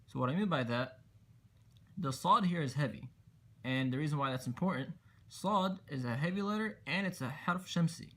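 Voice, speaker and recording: A man's voice: fairly high pitch, lively intonation, normal speed, fairly bright tone. A man teaching Quran recitation rules step by step, patiently explaining and repeating letters for emphasis. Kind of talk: step-by-step tajweed lesson.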